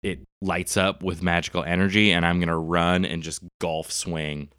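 A man playing a tabletop game, stating his character's actions in a steady, matter-of-fact way. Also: low-pitched, moderate pace, smooth, no room sound, studio quality. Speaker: player.

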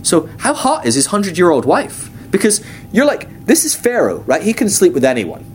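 Male teacher, casual lecture, animated delivery, faint rumble behind. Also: moderate pace. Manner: chatty, uses many fillers and acts out quotes. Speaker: teacher at a ministry school.

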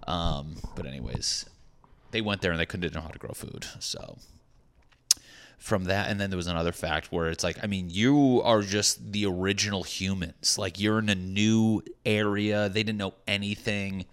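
A man's voice: sits low, normal speed, clean tone. A young adult man, a stand-up comedian, rambling through a profane, jokey casual monologue to his viewers.

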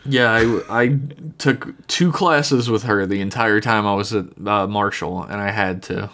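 A man's voice: lowish voice, measured pace, a little hiss or hum. A man co-hosting a casual podcast chat, retelling stories animatedly and swearing casually. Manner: animated storyteller who acts out quotes; laughs often, swears casually. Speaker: podcast co-host.

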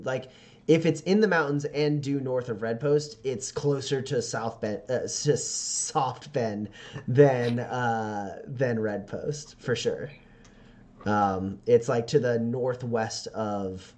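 A man's voice: medium pitch, measured pace, a little mellow. A man narrating as game master of a tabletop game, casual and often laughing.

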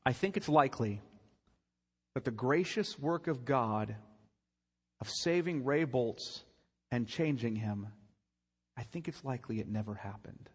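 Husky preacher man in a reverberant church. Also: mid-range voice, expressive, unhurried, pauses often. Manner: emphatic, repeating phrases and asking the congregation rhetorical questions. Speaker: pastor. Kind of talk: sermon. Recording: long reverb of a large church hall.

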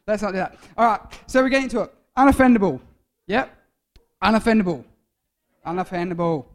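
Youth preacher, male, high voice, jokey and interactive. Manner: playful, jokey, quizzes the audience.

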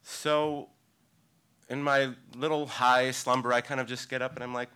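A man, a local surfer, telling a personal story live on stage, in a vivid, halting way that swings between excited bursts and hushed passages. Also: medium pitch, clear, resonant tone. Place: live storytelling event before an audience.

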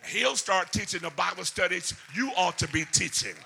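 A man with a Southern US accent, a pastor preaching a fiery sermon in a shouting, sing-song style with call-outs to the congregation. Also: high-pitched, animated, moderate pace, gravelly, few pauses, some chatter behind, a little hiss or hum. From deep South of the US.

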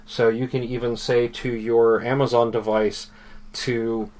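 Male podcast host, relaxed rambling talker, average pitch. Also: unhurried. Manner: rambling, many fillers and restarts. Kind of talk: casual chat.

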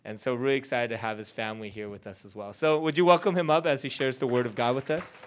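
A man's voice: mid-range voice, fast, slight background noise. A man introducing a guest speaker at church, informal with some fillers.

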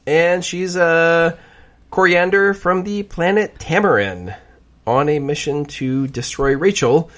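A man's voice: fairly high pitch, slow pace, a bit bright. A young man co-hosting a casual podcast chat, goofy and eager, breaking into silly voices. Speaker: podcast co-host.

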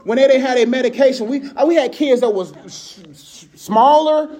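A man's voice: very high voice, quick pace. Laughing, chatty male preacher. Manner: animated, laughing, conversational. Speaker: speaker. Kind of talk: casual sermon with storytelling.

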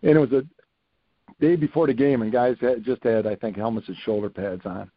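A man's voice: medium pitch, steady tone, brisk, no room sound, muffled recording. An older man, a retired coach, telling stories animatedly in a casual interview, repeating phrases for emphasis. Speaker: retired coach, podcast guest.

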